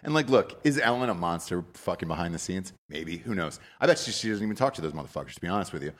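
A man's voice: low-pitched, lively intonation, fast talker, a bit bright. A man hosting a casual chat, rambling and hesitant with profane asides.

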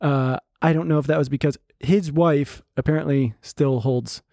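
A man co-hosting a podcast, chatting casually with halting restarts and fillers. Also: fairly high pitch, steady tone, creaky, darkish tone, no room sound, clean studio sound. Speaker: podcast co-host. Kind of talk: casual chat.

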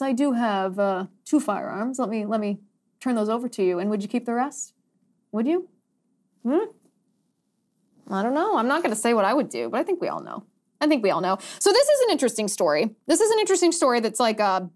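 A young adult woman hosting her own show in a sarcastic, quick, animated monologue. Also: a little high. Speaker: podcast host. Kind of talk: casual monologue.

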